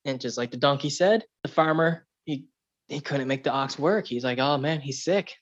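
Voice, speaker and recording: A man's voice: mid-range voice, moderate pace, dull audio. A man on a podcast, chatting loosely and telling a fable, with plenty of "like" and "you know". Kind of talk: casual chat, storytelling.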